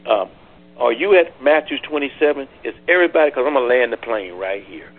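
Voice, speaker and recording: A man preaching a Bible study, drawing answers from listeners and rising from low teaching to loud cries. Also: lively intonation, a little fast, husky. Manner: repeats words and phrases. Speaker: pastor leading Bible study. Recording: tinny phone-line call.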